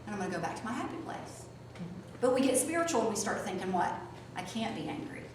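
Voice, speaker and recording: Animated woman teaching in an echoey room. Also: mid-range voice, fast. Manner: animated, swings from soft to loud. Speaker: spiritual teacher. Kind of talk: talk to a small group. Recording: echoey room from a distance, faint noise.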